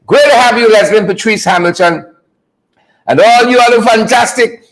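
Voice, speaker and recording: A man's voice: high-pitched, moderate pace, low-quality recording. Fired-up man hosting a live show. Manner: fired-up, repeats catchphrases and greets viewers by name. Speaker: host of a live online talk show. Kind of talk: energetic live-stream greeting of viewers.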